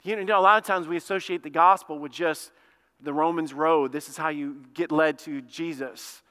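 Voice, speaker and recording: Bright-voiced pastor in a reverberant hall. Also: male voice, fairly high pitch, moderate pace, clear, resonant tone. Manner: animated, acts out both sides of his own story. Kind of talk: storytelling sermon. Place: church sanctuary.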